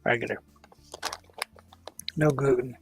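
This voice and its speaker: A man's voice: mid-range voice, steady tone, slow, over loud music. A man in his fifties co-hosting a casual chat over a video call, talking in a dry, teasing way. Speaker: co-host.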